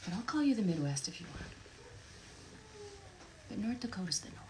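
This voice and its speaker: A chatty, playful woman from Tennessee talks from her home into a desk microphone. Her pitch sits in a middle range. There is a faint hiss behind her voice. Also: sing-song, moderate pace, a little mellow, rough recording. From Tennessee, USA. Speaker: voice actress signing autographs live. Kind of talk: casual livestream chat. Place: home, near her recording booth.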